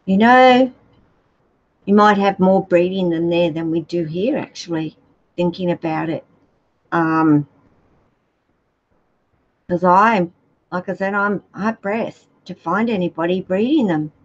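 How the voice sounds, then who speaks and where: A woman's voice: fairly low pitch, takes it slowly, pauses often, highs cut off. An Australian woman keeping reptiles, chatting casually with viewers in a rambling, hesitant way. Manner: rambling, hesitant, many fillers. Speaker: reptile keeper vlogger. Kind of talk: casual chat answering viewer questions.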